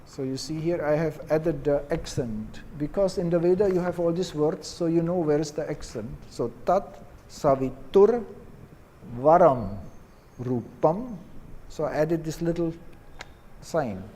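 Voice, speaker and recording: A man teaching Vedic chanting who explains gently and drops in many "you see" asides. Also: on the high side, moderate pace.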